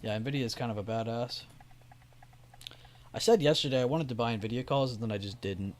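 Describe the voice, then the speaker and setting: A man's voice: medium pitch, brisk, darkish tone. A young man casually chatting on a stock trading live stream, reading chat and talking loosely with restarts. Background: faint music.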